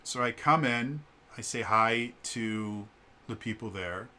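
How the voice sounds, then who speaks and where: A man telling a casual story in a vlog, animated and acting out the quoted lines, with fillers and stammered restarts. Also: takes it slowly. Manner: animated, acts out quoted lines with shifts in pitch. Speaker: vlogger.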